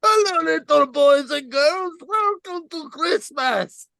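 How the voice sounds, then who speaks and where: A man voicing a jolly old Santa Claus with a put-on Eastern European accent, greeting children in a high, sing-song way. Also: expressive, slow pace, gravelly, sharp tone, no room sound, studio quality, full character voice.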